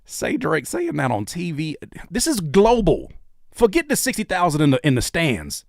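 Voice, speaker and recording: A man giving casual, joking reaction commentary as a YouTube host, animated and often dropping into quiet asides. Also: on the high side, moderate pace, gravelly, no room sound, studio quality.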